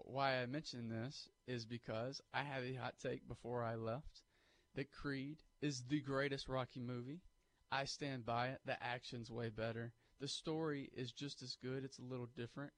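A man, co-hosting sports talk radio on a studio mic, animated and pushing emphatic hot takes. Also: mid-range voice, moderate pace. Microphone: studio microphone.

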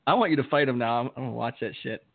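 A man's voice: mid-range voice, rapid-fire, vocal fry. A man hosting a podcast, joking and laughing in casual chat. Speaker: podcast host. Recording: tinny phone-like line, off-mic.

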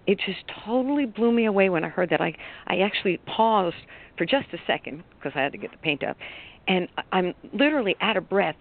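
A woman coach on a radio talk show, telling a personal story in an animated, rambling way with bursts of excitement. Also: medium pitch, a little fast. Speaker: life coach guest. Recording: tinny phone line.

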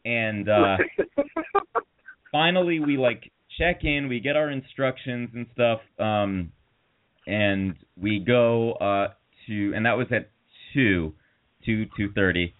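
A man's voice: mid-range voice, lively intonation, takes it slowly. A man telling a long story in casual chat, rambling with fillers and restarts and mocking the people in it. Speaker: podcast co-host. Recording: tinny phone-like audio.

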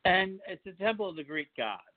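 A man's voice: high-pitched, very animated, fairly quick, no echo. A man from Chicago hosting a casual interview podcast, rambling with frequent restarts and fillers. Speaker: podcast host. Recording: dry, tinny phone-line sound.

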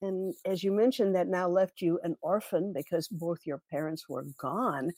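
Calm woman host, dry close sound. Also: fairly low pitch, no room sound. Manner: calm, supportive, measured. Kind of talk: interview.

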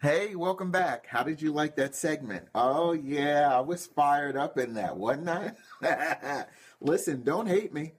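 A man's voice: a little high, animated, slow pace, slightly rough. A man who hosts his own show as a life coach, delivering an emphatic, impassioned monologue that builds into fervent outbursts.

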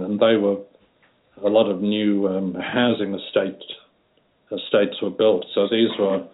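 An older man from Liverpool with a light Liverpool accent, talking unhurriedly as an interview guest, with many fillers and restarts. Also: fairly low pitch. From Liverpool, England. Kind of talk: casual interview reminiscence. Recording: tinny phone line.

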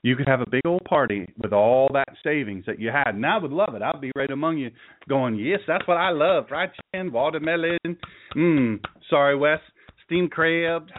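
A man's voice: on the high side, phone-quality sound. A man preaching a sermon to a live audience, folksy and joking, rambling through stories between laughs. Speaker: pastor.

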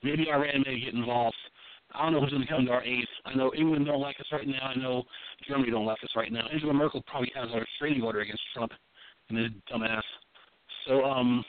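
A man's voice: mid-range voice, fairly even intonation, fast talker, clear, resonant tone. A man giving casual political commentary as a podcast co-host, blunt and profane, often restarting and repeating himself as he builds a point. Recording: thin phone-like dry sound.

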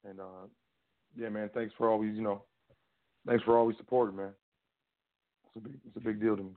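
A man hosting a call-in show, chatting casually and thanking callers in a relaxed way. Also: on the low side, brisk, gravelly. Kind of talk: casual call-in radio chat. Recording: phone-like line with faint music.

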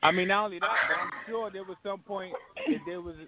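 A man's voice: high-pitched, steady tone, fast, heavy background noise. A man co-hosting a casual talk show, blunt, crude and teasing. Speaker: co-host. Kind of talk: casual chat. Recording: tinny phone-like sound.

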